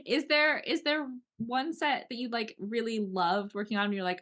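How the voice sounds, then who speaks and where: A woman's voice: mid-range voice, a little fast, few pauses, fairly bright tone. A woman interviewing a guest in a casual chat, feeling her way through her questions. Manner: loose, searching phrasing with fillers.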